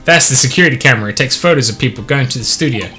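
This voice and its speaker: A scruffy, good-natured video game detective who calls everyone pal and buddy, as a man puts him on. The voice is bright and forceful, with a folksy, easygoing delivery. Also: mid-range voice, expressive, racing, faint music behind. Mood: gruff friendly.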